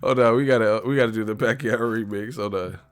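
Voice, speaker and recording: A man hosting a casual live stream, loud and profane, laughing and joking with his viewers. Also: on the low side, steady tone, quick pace, clean tone.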